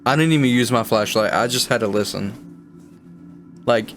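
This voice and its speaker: A man's voice: medium pitch, a little slow, soft background music. A young man casually chatting while playing a horror video game, in a laid-back, mumbling way. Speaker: gaming YouTuber. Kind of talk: casual let's play chat.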